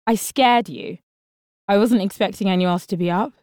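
A quick-witted young woman with a dry, teasing edge, as a woman reads her lines. Mid-pitched and recorded up close in a dead, dry space. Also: a little mellow, no room sound, natural voice. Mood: wry.

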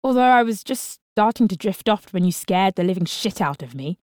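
A woman's voice: medium pitch, animated, a little fast, a little mellow, no echo, clean studio sound, close to an everyday voice. A woman voicing a sleepy, laid-back young man who talks offhandedly and swears casually. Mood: easygoing.

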